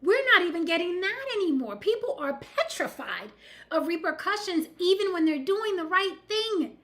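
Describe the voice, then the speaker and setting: A woman hosting a casual news commentary stream, blunt and animated, often speaking straight to her audience. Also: very high-pitched, normal speed. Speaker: host.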